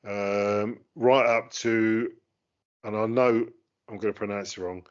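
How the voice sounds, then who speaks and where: A man co-hosting a casual chat, talking in a hesitant way with many pauses and fillers. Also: lowish voice, steady tone. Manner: hesitant, lots of ums and uhs. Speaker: co-host. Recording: dull lo-fi sound.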